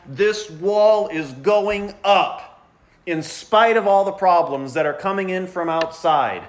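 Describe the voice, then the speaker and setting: A man preaching a sermon in a casual, conversational way, acting out the complaining voices of the people he describes. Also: on the high side. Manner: animated, acts out complaining voices. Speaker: pastor.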